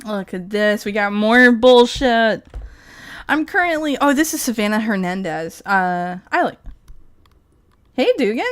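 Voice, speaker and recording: A woman's voice: on the high side, expressive, unhurried, clear, resonant tone. A woman streamer in casual live-stream commentary, rambling and profane, laughing often as she talks.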